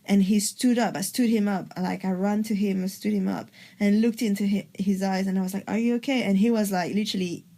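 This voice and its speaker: Woman with a creaky voice, casual chat. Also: medium pitch, a little fast, hardly any pauses. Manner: relaxed storytelling, giggly. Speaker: podcast co-host.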